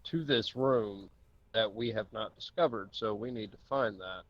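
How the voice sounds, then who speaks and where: A man's voice: fairly low pitch, moderate pace, no room sound. Laid-back man on a dull mic. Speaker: player. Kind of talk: casual chat during an online tabletop game.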